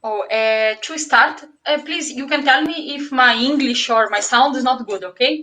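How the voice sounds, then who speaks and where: A Brazilian woman speaking English with a Brazilian Portuguese accent, consciously slowing down, earnest and outspoken as an interview guest on a video call. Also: high voice, fairly bright tone, poor audio. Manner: earnest, outspoken, deliberately slowed speech. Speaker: guest teacher. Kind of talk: casual interview talk.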